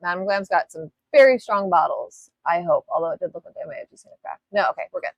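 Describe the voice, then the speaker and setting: A young woman hosts a casual live nail tutorial, chatting as she works. Her pitch swings widely and freely, and her talk rambles with many self-interruptions and apologies. The sound is close and dry, with no room echo. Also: lively intonation, quick pace, lo-fi sound. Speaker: nail art tutorial host. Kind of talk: casual live-stream chat while demonstrating. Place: home nail studio.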